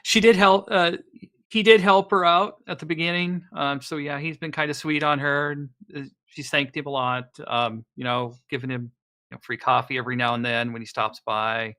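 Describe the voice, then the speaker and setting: A man playing a tabletop game, describing his character in a halting way with many fillers and restarts. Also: fairly high pitch, steady tone, bright, forceful tone. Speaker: player.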